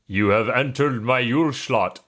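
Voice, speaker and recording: A man voicing a booming, pompous yule spirit who holds a captive, in a put-on Russian accent. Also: moderate pace, fairly bright tone, lightly acted.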